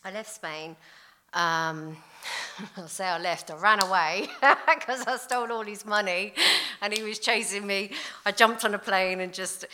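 A woman, giving a candid, blunt recovery testimony in an animated storytelling way. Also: medium pitch. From London. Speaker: recovery speaker. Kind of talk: personal testimony talk.

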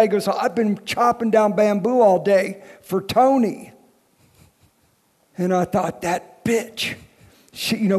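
A man in his fifties, a recovery speaker telling a personal story in an animated way and acting out the quoted lines. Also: sits high, in a large hall. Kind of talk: storytelling talk.

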